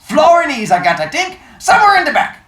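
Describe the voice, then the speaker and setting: A woman voicing a gruff older male bookseller with a thick accent, loud and haggling. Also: high-pitched, big pitch swings, fairly quick, roomy sound, voice pushed up, poor audio. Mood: grumbling.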